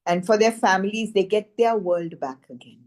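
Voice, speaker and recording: A woman's voice: medium pitch, normal speed, darkish tone. A middle-aged woman, telling a personal story in an earnest, emphatic way and repeating phrases for stress. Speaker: spiritual teacher sharing a wellness testimonial. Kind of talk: conversational storytelling.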